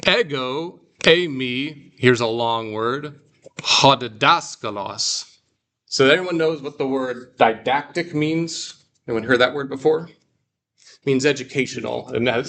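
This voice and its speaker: A man teaching a classroom, drawing out phrases slowly for the class to repeat. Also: medium pitch, a bit bright. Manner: slow, drawn-out model phrases for repeating. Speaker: Greek teacher.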